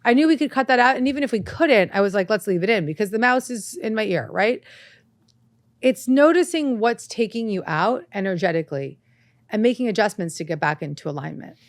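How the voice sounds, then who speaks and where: A woman hosting a self-help podcast, talking earnestly and reflectively, breaking into animated anecdotes. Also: mid-range voice, a little fast, dry recording, clean studio sound. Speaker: podcast host. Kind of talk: motivational self-help talk. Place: studio set with lights.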